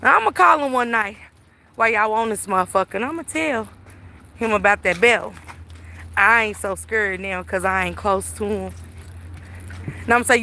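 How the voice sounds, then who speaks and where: A middle-aged woman with a bright, forceful voice chats on a livestream as she walks outside. She tells her stories animatedly and emphatically and swears freely. Her voice sits at an ordinary pitch for a woman and comes through a handheld phone, with faint noise behind. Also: normal speed, pauses often. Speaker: livestream host. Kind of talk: casual storytelling chat. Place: outdoors, walking through town.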